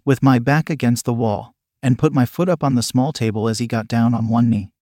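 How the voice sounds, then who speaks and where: A man giving a steady, evenly paced first-person story narration. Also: mid-range voice, a little fast, no room sound, studio quality.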